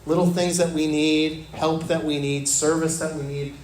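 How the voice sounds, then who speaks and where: A man preaching a sermon as pastor in a church. He talks earnestly and repeats his phrases, dropping to a soft, low voice when he quotes scripture. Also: flat delivery, normal speed, slight background noise. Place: church sanctuary. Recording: echoey church room with faint ambience.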